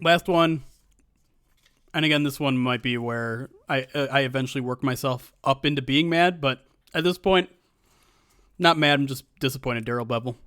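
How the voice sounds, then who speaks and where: A man co-hosting a sports podcast, ranting with rising anger about play calls, animated and exasperated. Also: medium pitch, normal speed, clean tone, no echo, clean studio sound. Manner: animated, builds from disappointed to openly angry. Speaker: podcast co-host. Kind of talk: casual sports podcast rant.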